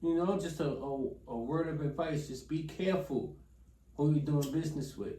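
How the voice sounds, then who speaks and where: Animated New York City storyteller, higher voice with a mellow tone, recorded off-mic in a roomy space. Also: male voice, normal speed. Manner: animated, acts out dialogue in street slang. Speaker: podcast guest, chef. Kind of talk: casual storytelling. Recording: echoey room, mic at a distance.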